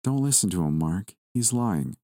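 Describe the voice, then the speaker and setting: Guy putting on a scared old granny voice, high and pleading, horror audio story. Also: animated, moderate pace, mellow, no room sound, studio quality. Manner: higher, anxious pleading voice. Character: frightened elderly grandmother, pleading.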